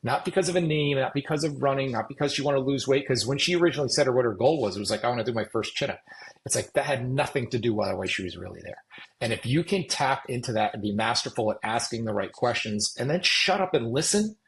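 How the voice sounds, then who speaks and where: A man's voice: medium pitch, expressive, gravelly, a little hiss or hum, poor audio. Middle-aged man acting out coaching talks. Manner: acts out coach-client dialogues in quick back-and-forth. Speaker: fitness coach, podcast guest. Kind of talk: podcast interview.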